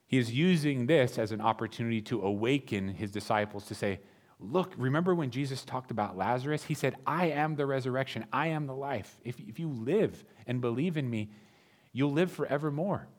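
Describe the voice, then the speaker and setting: A male pastor preaching a sermon, reading scripture aloud and pressing his points earnestly, rising for emphasis and slowing on key phrases. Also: mid-range voice, expressive, a little mellow.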